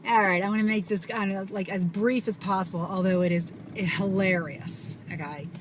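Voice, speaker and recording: A woman telling a story to camera in an animated, casual way, swearing and full of fillers. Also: medium pitch, moderate pace. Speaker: vlogger. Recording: audible background noise.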